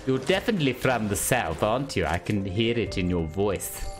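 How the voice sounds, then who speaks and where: A man's voice: fairly low pitch, animated, moderate pace, natural voice. A man streamer putting on a posh, scheming British baby boy in a game voice chat, haughty and mock-polite, with game music behind. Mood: prim. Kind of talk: online game chat in character.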